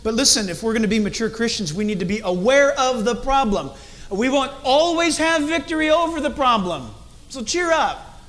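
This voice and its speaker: Lively high-voiced middle-aged male pastor. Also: normal speed. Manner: animated preaching, acts out tones of voice. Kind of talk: sermon.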